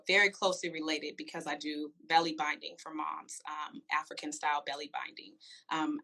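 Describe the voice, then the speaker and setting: A woman from Seattle speaks as a guest herbalist and doula. Her voice is low and bright, and her talk is upbeat and direct. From Seattle, Washington. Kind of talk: live online interview.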